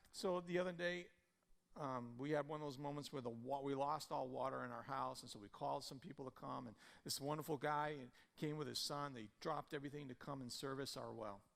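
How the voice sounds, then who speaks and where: A male pastor preaching a sermon, swinging between loud emphatic peaks and soft conversational storytelling. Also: a little high, creaky. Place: church sanctuary. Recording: church hall reverb with soft guitar.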